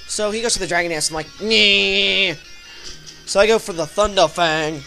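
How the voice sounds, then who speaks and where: A young man giving excitable, slangy commentary over a recorded game battle, yelping his reactions. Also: high-pitched, fast talker. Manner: excitable, yelps reactions and swears. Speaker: gaming channel host. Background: faint metal music.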